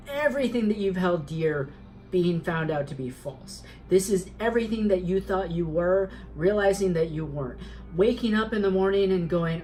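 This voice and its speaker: A woman's voice: fairly low pitch, darkish tone, rough recording. Emphatic woman giving a tarot reading. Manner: earnest, emphatic, repeats herself, swears for emphasis. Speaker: tarot reader. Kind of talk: spoken tarot reading, motivational.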